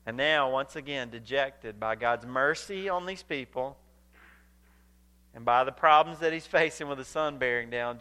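A male pastor preaching a sermon, animated and emphatic, acting out scripture as he paraphrases it. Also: mid-range voice.

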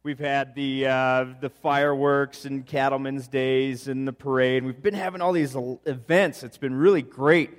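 A man preaching a sermon, telling stories in an animated, chatty, playful way. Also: medium pitch, moderate pace, hardly any pauses. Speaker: pastor. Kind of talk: conversational sermon storytelling.

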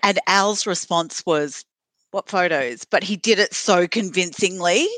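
A woman's voice: fairly low pitch, a bit bright, dry recording. A woman co-hosting a podcast, blunt and sarcastic in casual chat. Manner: blunt, sarcastic, quick asides. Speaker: podcast co-host.

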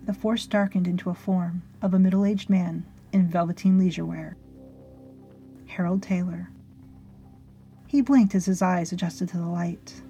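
A woman narrating a story in a measured, dryly amused way. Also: on the low side, steady tone, warm tone. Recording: faint music behind.

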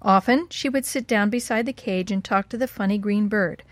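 A woman reading a children's story aloud in a gentle, expressive way. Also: medium pitch, moderate pace, no echo.

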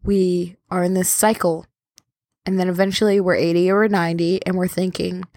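A woman's voice: fairly low pitch, level tone, normal speed, darkish tone, dry recording, clean studio sound. A young adult woman hosting a podcast in a casual, rambling, self-deprecating chat. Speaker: podcast host.

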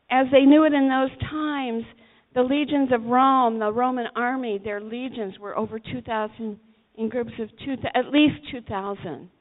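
A woman preaching a sermon to teenagers, telling the story dramatically and acting out the voices. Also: fairly high pitch. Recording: tinny phone-like recording.

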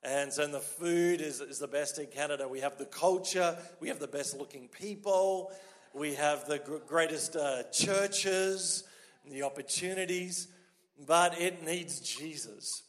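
A man with an Australian accent, a pastor preaching a sermon in a lively, joking, conversational way. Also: on the high side, unhurried. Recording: long hall reverb.

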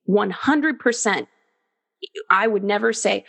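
A woman in her thirties or forties, speaking as an interview guest in an earnest, animated way. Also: medium pitch, normal speed, gravelly, long reverb tail. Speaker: guest, author. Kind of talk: conversational interview.

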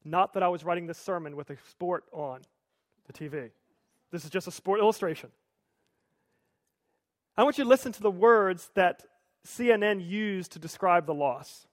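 A pastor preaching a sermon in a conversational, lightly humorous storytelling manner. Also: male voice, high voice, moderate pace, pauses often, no echo, studio quality.

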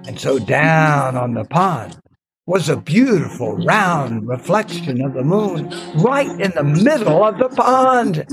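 A man telling a folktale in an improvised, slow and measured storytelling manner. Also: on the high side, sing-song, over music, poor audio. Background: veena accompaniment.

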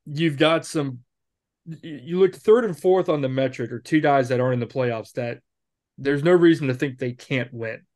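A man in his thirties talks through his picks as a podcast co-host, thinking aloud and often restarting his sentences. His voice sits in an ordinary middle pitch. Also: darkish tone. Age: 30s. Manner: rambling, self-correcting, thinks aloud. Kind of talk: casual sports betting chat.

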